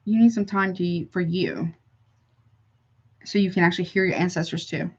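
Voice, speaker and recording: A woman's voice: lowish voice, steady tone, normal speed, breathy edge, highs cut off. A woman doing a live tarot reading for her chat viewers, chatty and affectionate, calling them honey between card draws. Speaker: tarot reader.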